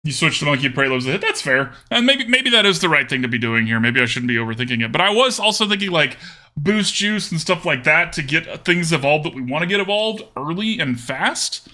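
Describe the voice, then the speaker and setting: A man's voice: on the high side, lively intonation, brisk, bright, forceful tone. A man streaming a card game, thinking aloud about his plays and chatting casually with viewers.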